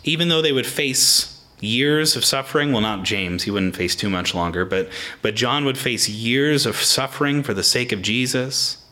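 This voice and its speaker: Male preacher, clear bright tone, mid pitch, relaxed and chatty delivery, restarts phrases. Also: normal speed. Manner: casual, plain-spoken, with frequent restarts. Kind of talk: conversational sermon.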